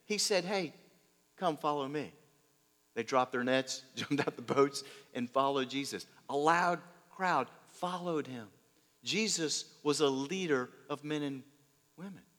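A man preaching a sermon, telling stories in a lively way, his voice swinging between loud and soft. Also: fairly high pitch, unhurried. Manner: lively storytelling, shifts loud and soft, laughs. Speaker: pastor. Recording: long hall reverb.

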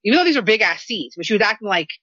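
Animated, profane woman telling a story. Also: medium pitch, racing, dry recording. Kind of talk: casual storytelling chat. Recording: dry, slightly dull lo-fi sound.

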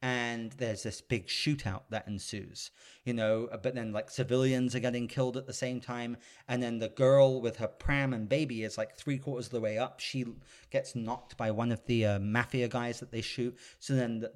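A man hosting an audio podcast, retelling a story in a rambling, animated way with lots of fillers. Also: medium pitch, moderate pace. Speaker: podcast host. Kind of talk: casual podcast chat.

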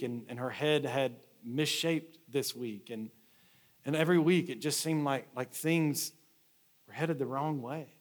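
A man, a lead pastor, preaching a sermon in a conversational storytelling way, often restarting his phrases. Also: fairly high pitch.

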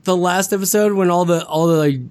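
Excitable swearing man, casual chat. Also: fairly quick, clear, resonant tone. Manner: excitable, swears a lot, acts out quotes with big pitch jumps. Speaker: podcast co-host.

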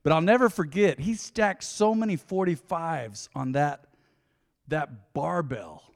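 A man with a slightly high voice preaches from the pulpit, telling his story the way he would talk to friends. He pushes hard on some points, then drops to a near hush. His voice rings out with the long reverb of a big hall. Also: measured pace, vocal fry. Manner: conversational storytelling, swings between loud emphasis and soft asides. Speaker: pastor. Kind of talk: sermon with a personal story.

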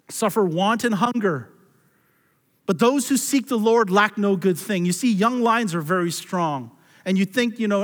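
A man preaching a sermon as pastor, reading scripture aloud with earnest, swelling emphasis. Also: a bit bright. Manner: earnest preaching, reads scripture aloud, rises and falls in pitch. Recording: long hall reverb.

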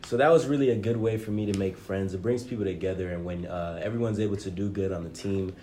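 A man's voice: sits low, fast talker, warm tone, a little hiss or hum. A young man from Nigeria, a podcast guest, earnestly telling his story in casual chat.

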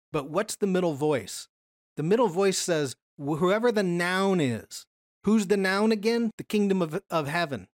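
A Bible study teacher giving a casual lesson from slides, asking questions and answering them, and slowing down to stress key words. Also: medium pitch, dry recording, clean studio sound. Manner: explains patiently, often asks questions and then answers them.

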